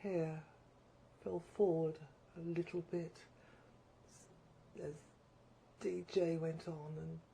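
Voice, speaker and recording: A woman reads a first-person story aloud. Her delivery is measured and deliberate, moving steadily through the narration. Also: low voice, little pitch movement, vocal fry, dark tone, a little hiss or hum. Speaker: story reader.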